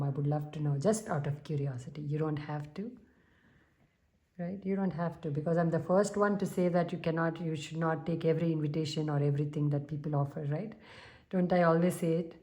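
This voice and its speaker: Soft hums mark the pauses as a woman delivers a spiritual tarot reading to viewers. She is a tarot reader whose low, mellow voice stays calm and unhurried.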